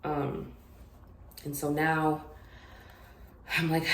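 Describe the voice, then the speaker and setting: A young woman telling a personal story to camera in an unedited confessional vlog, halting and hesitant, with many fillers and restarts. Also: deep voice, little pitch movement, vocal fry. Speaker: vlogger. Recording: echoey room with faint noise.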